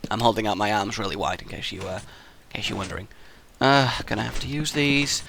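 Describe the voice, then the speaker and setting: Talking fast in a gravelly, fairly low, slightly bright voice, a young man narrates a let's play as he builds in a game. He rambles casually, swears, and mocks himself along the way for his gaming channel.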